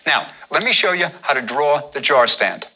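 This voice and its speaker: A man with a very bright, forceful voice gives a patient drawing lesson. His pitch moves a lot, rising on each instruction and dropping as he finishes a step. He repeats every step calmly. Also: moderate pace, husky, low-quality recording. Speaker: teacher.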